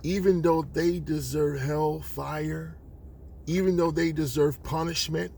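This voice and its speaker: A solemn savior figure makes slow, measured vows in a steady, slightly raised voice, as a preacher puts him on. The delivery is earnest and deliberate. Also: male voice, a little high, vocal fry, slight background noise, voice pushed up. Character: solemn self-sacrificing divine male savior.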